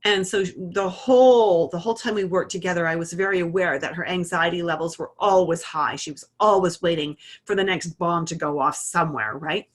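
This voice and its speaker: A woman's voice: fairly low pitch, a little fast, hardly any pauses. Woman teaching in a chatty, explanatory way. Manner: conversational, talks through a case story and adjusts a camera while speaking. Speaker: iridology teacher. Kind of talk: explanatory lesson with a live demonstration.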